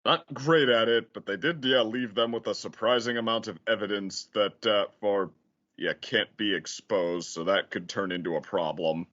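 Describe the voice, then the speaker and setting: A man with a fairly low voice hosts a casual podcast chat, circling his points with lots of "like" and "yeah" and frequent restarts. His audio sounds dull and lo-fi. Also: moderate pace, fairly bright tone. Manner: rambling, many fillers and restarts. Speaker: podcast host.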